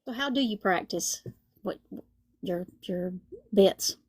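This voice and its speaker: A woman's voice: medium pitch, slow, darkish tone, slightly rough. A woman hosting a podcast, asking questions and giving short, encouraging reactions in a casual chat. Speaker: podcast host.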